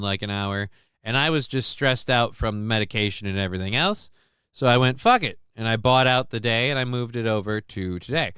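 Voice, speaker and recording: A man's voice: medium pitch, fairly bright tone, smooth, no room sound. A middle-aged man hosting a casual live stream from his desk at home, rambling through a story, swearing freely, reading viewers' messages aloud and acting out quotes in a livelier voice. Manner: quotes himself and others in livelier raised voice. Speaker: livestream host.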